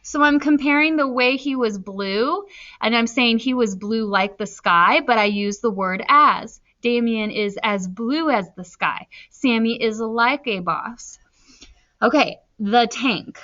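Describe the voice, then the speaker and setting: A woman teacher talking slowly and deliberately through a recorded reading lesson, spelling out her answers as she writes them. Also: a little high, a bit bright. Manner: slow, deliberate, spelling out answers while writing. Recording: slightly dull lo-fi recording.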